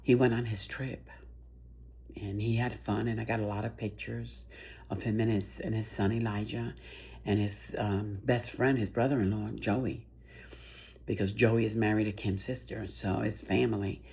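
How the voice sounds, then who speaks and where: An older mother tells a personal story of grief. Her voice is soft and emotional, and she often stops and restarts her sentences. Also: extremely low pitch, fairly even intonation, normal speed, creaky. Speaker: bereaved mother.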